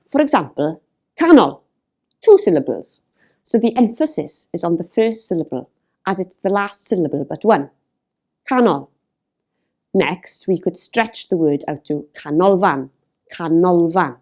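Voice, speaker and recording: A woman teaching a language lesson, slowly and clearly modelling words for learners. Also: on the low side, warm tone. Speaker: Welsh language tutor. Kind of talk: scripted teaching narration.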